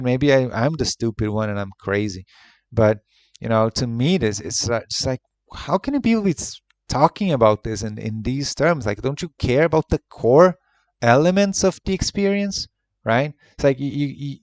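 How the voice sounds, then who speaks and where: A man's voice: medium pitch, dry recording. A man ranting in an unscripted monologue, profane and exasperated, rambling with lots of restarts. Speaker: retro gaming YouTuber.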